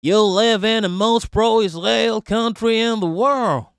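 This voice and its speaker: A smug, lecturing American man, as a streamer mimics him in a raised, higher, louder voice. He drawls his point out slowly. The sound is dry and close. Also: smooth, no room sound, exaggerated voice.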